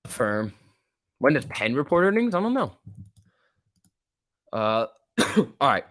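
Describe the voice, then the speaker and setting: A man hosting a casual livestream, giving excitable running commentary and answering chat. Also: mid-range voice, slow pace, no echo, clean studio sound. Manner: excitable, reacts aloud and reads chat. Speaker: livestream host. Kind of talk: casual live market commentary.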